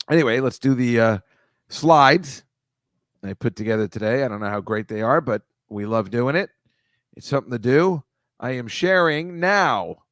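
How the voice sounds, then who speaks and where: Here the host's voice is medium in pitch and a bit bright, captured clean with no echo. On a video call over shared slides, he rambles in a wry, mocking way and swears without restraint.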